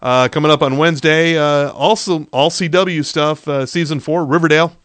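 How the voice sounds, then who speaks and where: A man co-hosts a casual podcast, reeling off entertainment news bluntly and with plenty of swearing. His voice is smooth and clear in a dry, close recording. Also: on the high side, fairly even intonation, normal speed, a bit bright, dry recording. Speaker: podcast co-host and radio host.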